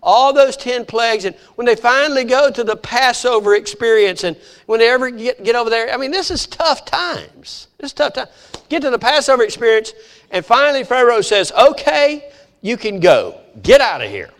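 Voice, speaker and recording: A man preaching a sermon, retelling the story with lively acted-out voices. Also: very high-pitched, fairly quick, clear, resonant tone. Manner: animated storytelling, acting out voices of biblical figures. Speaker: pastor.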